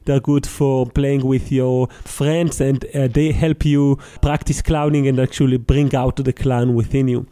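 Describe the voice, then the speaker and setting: A man hosts a Q&A and relays questions from the audience. He speaks hesitantly, with frequent fillers, and his voice is very dark and warm. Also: mid-range voice. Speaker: co-host reading audience questions.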